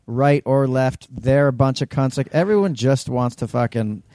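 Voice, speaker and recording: A male podcast co-host tossing out crude jokes in loose banter. His voice is warm and mellow, at a middling pitch. It is recorded dry and close. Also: moderate pace, no echo. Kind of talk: casual chat.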